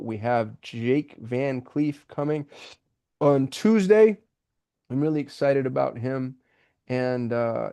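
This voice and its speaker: A man hosting a live call-in business show, talking in an excitable, rambling way with many restarts over a video call. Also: medium pitch. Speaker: host. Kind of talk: casual live show chat.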